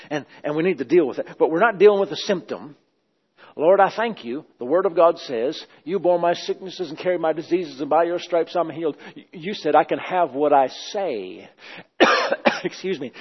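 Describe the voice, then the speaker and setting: A man's voice: a little high, expressive, unhurried, breathy edge. Emphatic man preaching in an echoey hall. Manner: emphatic, repeating phrases in praise. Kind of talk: sermon. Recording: dull, echoey hall sound.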